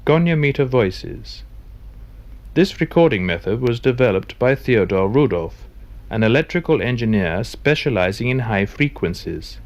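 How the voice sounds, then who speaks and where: A man reading scripted documentary narration in a measured, formal way. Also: mid-range voice, lively intonation.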